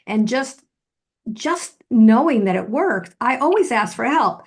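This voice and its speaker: A woman's voice: on the high side, animated, measured pace, slightly rough. A middle-aged woman hosting a casual chat, speaking earnestly and reflectively, often restarting her sentences. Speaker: host. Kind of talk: casual conversation.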